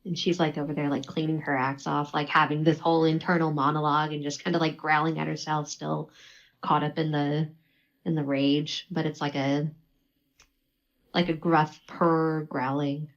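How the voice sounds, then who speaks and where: A woman's voice: low-pitched, little pitch movement, normal speed, highs cut off. A woman playing a tabletop game, describing her character's actions casually. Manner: casual, laid-back description. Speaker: player.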